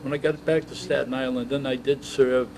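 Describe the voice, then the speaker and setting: An elderly man in his eighties tells old army stories in a halting, reminiscing way, often pausing and restarting. His voice is of middle pitch, and a clear hiss runs under the recording. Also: fairly even intonation. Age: 80s. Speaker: veteran interviewee. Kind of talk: oral history interview.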